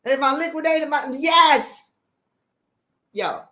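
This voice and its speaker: A woman's voice: sits high, expressive, slow pace, pushed and bright, roomy sound. A woman leadership coach giving a motivational talk, blunt and emphatic, firing off rhetorical questions in sassy, colloquial speech.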